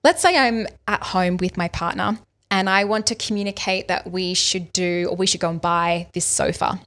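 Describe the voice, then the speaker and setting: An Australian woman with a fairly low voice, guesting on a podcast as a speaking coach. She explains her points in a lively way and acts out little examples in different tones. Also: normal speed. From Western Australia. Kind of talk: podcast interview, explaining tips.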